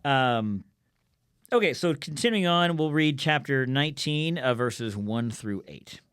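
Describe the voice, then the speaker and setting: A man co-hosting a casual Bible study podcast, reading scripture and acting out the characters in quick, animated voices. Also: mid-range voice, clear, resonant tone.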